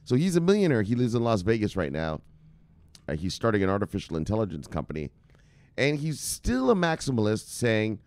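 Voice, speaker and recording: Crypto channel host from Jamaica, a lowish-voiced man in a sarcastic, swearing rant with big swings in pitch, in a dry, close sound. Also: huge pitch swings, fairly quick, a little mellow, dry recording. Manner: profane, heated, sarcastic. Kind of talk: casual opinion rant to camera.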